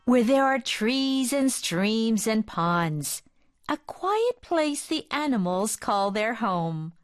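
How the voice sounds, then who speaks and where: Female picture-book reader: gentle, slow, high and animated. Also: dry recording, studio quality. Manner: gentle, expressive read-aloud. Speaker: storybook reader. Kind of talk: reading a children's picture book aloud.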